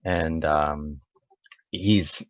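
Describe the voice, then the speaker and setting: A man playing a tabletop game, describing his character in a halting way with many fillers. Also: a bass voice, fairly even intonation, dry recording. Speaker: player.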